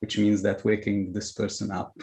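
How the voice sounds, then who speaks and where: A man's voice: fairly low pitch, level tone, normal speed, darkish tone. A man in a webinar on a video call, sharing a personal example in a hesitant way with many fillers. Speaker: webinar participant. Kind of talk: sharing an anecdote.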